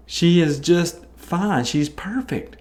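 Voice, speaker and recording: A man hosting a podcast, teaching a Bible passage in an informal, conversational way and breaking into animated quoted voices. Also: fairly high pitch, slow. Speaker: podcast host teaching scripture.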